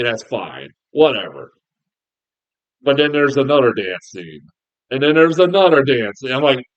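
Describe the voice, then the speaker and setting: A man with a high voice rants through a casual review, swearing freely and breaking into laughs. The recording sounds a little dull and lo-fi. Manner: exasperated, swearing, laughing often. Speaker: film reviewer.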